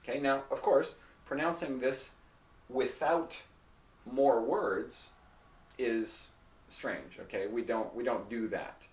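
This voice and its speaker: A man's voice: mid-range voice, slow. A man teaching English pronunciation in a patient, explanatory way, often checking in with "okay?" and repeating example words. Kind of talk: slow, explanatory whiteboard lesson. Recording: roomy echo, slightly distant mic.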